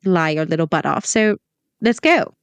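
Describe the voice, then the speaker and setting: A woman playing a tabletop game in character, animated and playful as she lays out a plan. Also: fairly low pitch, normal speed, smooth, no room sound. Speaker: player.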